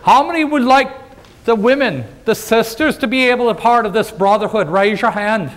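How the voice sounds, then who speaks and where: A living-history presenter with an extremely high-pitched voice speaks at a moderate pace in a jovial mood. In a first-person historical role-play, he plays a folksy 19th-century union organizer, joking with and addressing a live audience.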